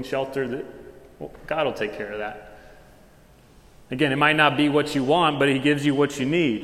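A male pastor preaching a sermon in a relaxed, conversational way, acting out quick little dialogues as he goes. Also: mid-range voice. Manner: casual conversational preaching with quick dramatized asides. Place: church hall. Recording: echoey hall with long reverb.

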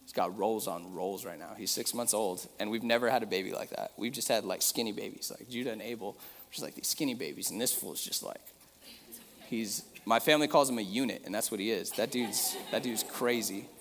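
A man's voice: fairly low pitch, a little fast, big-room sound, a little hiss or hum. A young man preaching a sermon in a casual, talky way, reading scripture passages aloud with emphasis.

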